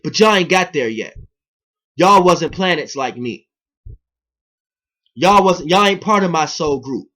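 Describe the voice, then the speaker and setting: This man, a video blogger, is animated but unhurried, leaving long pauses as he delivers a wandering, foul-mouthed spiritual monologue to his audience. He alternates emphatic loud bursts with low muttering.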